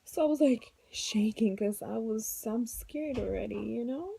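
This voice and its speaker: A woman's voice: fairly high pitch, unhurried, vocal fry, dark tone, slightly rough. A young woman vlogging at home, chattily retelling a story with lots of "like" and "blah, blah". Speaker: mom vlogger. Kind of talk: casual storytime vlog. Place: at home with her kids nearby.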